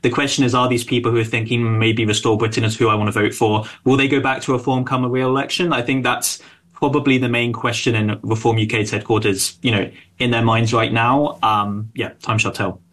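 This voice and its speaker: Male pollster guest, fast talker, mid pitch, hedging and filler-heavy. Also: little pitch movement, a bit bright. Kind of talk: political analysis interview.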